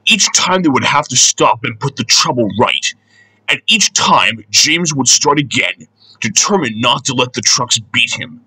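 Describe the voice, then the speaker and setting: Bright, expressive male storyteller. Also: mid-range voice, unhurried, breathy edge, rough recording. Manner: expressive, lively reading. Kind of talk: storybook narration.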